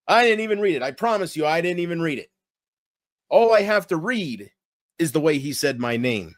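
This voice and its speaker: A man streaming late at night. He keeps his voice low and rambles casually while talking straight to his viewers. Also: normal speed, dry recording. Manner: relaxed, rambling, talks straight to viewers in chat. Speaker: livestreamer.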